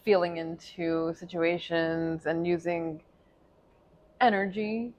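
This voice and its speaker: A woman hosting an interview, encouraging and supportive, quick to commiserate with her guest. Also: fairly low pitch, fairly even intonation, a little mellow, a little hiss or hum. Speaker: host. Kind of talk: casual interview chat.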